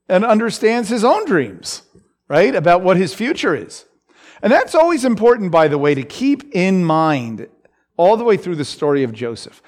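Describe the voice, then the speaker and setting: A man teaching a Bible passage in a conversational way, with frequent fillers and asides, acting out the quoted lines. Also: high voice. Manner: unhurried, lots of fillers and asides, voices scripture quotes.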